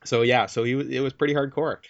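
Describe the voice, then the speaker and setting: A man's voice: medium pitch, steady tone, fast talker, gravelly, no room sound, highs cut off. A man co-hosting a podcast, casually telling a news story and laughing along with his co-host. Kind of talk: casual chat.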